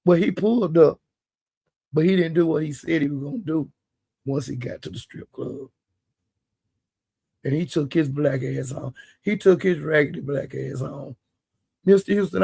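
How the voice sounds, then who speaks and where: A man's voice: fairly high pitch, vocal fry, darkish tone, breathy edge, no echo. An older man giving blunt, profane commentary in casual chat. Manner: blunt, profane, plain-spoken. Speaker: live-stream commentator.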